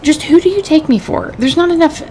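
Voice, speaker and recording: A woman voicing a sharp, suspicious young townswoman in a game. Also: fairly high pitch, fairly quick. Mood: scolding. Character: sharp young woman, keeper of a sand hourglass. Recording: steady background noise.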